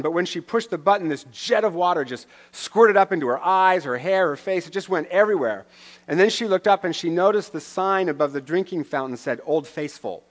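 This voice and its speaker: A man's voice: sits high, a bit bright. A middle-aged man preaching a sermon in a conversational way, with wry asides and questions to the listeners. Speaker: pastor.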